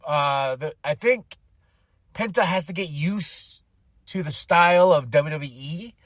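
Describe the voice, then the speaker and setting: Podcast host, male, fairly high voice, excitable and chatty, laughs a lot. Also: slow, dry recording, clean studio sound. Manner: animated, laughs often, acts out quotes. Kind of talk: casual wrestling recap.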